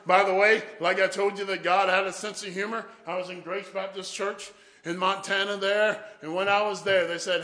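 A man's voice: sits high, little pitch movement, normal speed, bright, forceful tone. A man preaching a sermon, telling a story animatedly and acting out the voices of the people in it, with sudden whoops. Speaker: guest preacher. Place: church. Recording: echoey church room.

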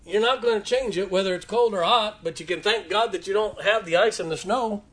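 A man preaches to his congregation. His voice sits fairly high, and he moves between casual, joking asides and emphatic, rising declarations. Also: fairly quick, a bit bright, husky. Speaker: pastor. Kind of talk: sermon.

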